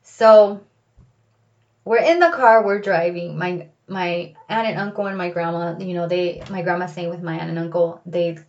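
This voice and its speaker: Woman host, personal storytelling, candid and reflective, lowish voice, lo-fi sound. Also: little pitch movement, moderate pace, hardly any pauses, darkish tone. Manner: candid, reflective, filler-heavy with "like" and "you know".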